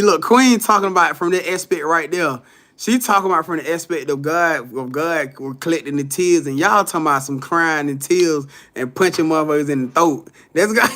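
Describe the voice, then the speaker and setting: A man talks casually to his live-stream audience, answering their comments one by one. His voice sits high and sounds bright and forceful. He is loose and profane, and he often laughs as he reacts. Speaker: livestream host reading viewer comments.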